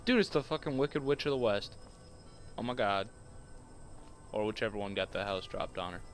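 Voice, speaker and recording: A man's voice: lowish voice, lively intonation, normal speed, slight background noise. A man giving casual, profane, joking commentary while playing a video game, laughing often. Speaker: gamer. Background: game music and sounds.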